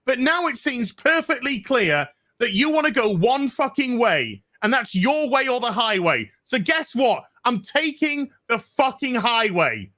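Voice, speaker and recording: A man with a very high, bright voice tears into a furious rant, swearing at every turn. His pitch swings widely as he hammers each point with heated emphasis. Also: big pitch swings, a little slow, hardly any pauses. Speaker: podcast co-host. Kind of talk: angry profane rant.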